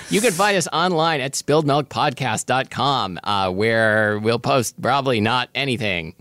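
A playful man co-hosting a podcast, joking his way through casual chat with plenty of fillers. His pitch swings widely and the sound is dry and close. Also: lively intonation, moderate pace, hardly any pauses, fairly bright tone, dry recording. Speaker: podcast co-host.

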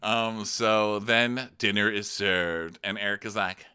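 A man's voice: lowish voice, fairly even intonation, slow, sharp tone, clean tone. A man co-hosting a podcast, recapping a reality show in casual chat with wry, sarcastic asides. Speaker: podcast co-host.

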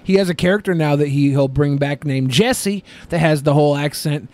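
A man's voice: on the high side, a little fast, darkish tone. A man co-hosting a podcast in casual banter, crude and jokey, often laughing. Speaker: podcast co-host.

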